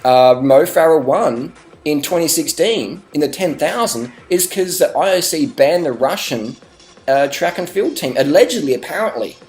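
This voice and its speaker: A man's voice: fairly high pitch, lively intonation, normal speed, darkish tone, faint music behind. An Australian man rambling through a sarcastic, mock-serious vlog rant with plenty of swearing. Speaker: vlogger.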